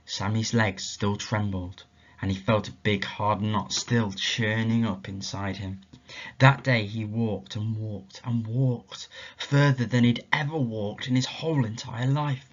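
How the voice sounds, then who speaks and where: Expressive storytelling male teacher, muffled. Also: on the low side, unhurried. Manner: expressive, asks the children questions. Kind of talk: storytelling at a school assembly. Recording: dull, muffled lo-fi recording.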